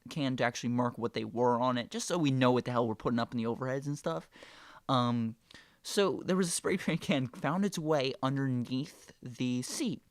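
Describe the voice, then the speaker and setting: A man's voice: mid-range voice, no room sound, studio quality. A man casually telling a rambling work story, swearing freely and fighting off laughter. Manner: profane, rambling, chuckling.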